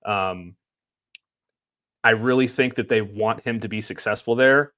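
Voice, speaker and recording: A man's voice: lowish voice, unhurried, a bit bright. A man co-hosting a sports talk show, talking casually and circling back on his points. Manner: rambling, many restarts and fillers.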